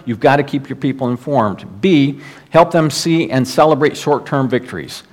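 Earnest preaching man, drops low for quotes. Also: a little fast. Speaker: pastor. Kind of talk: sermon.

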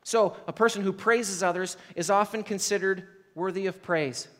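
Male preacher with a high voice, relaxed and conversational, recorded in a big echoing church hall. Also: normal speed. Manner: conversational storytelling, frequent "like" and "right?". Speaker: pastor. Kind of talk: sermon.

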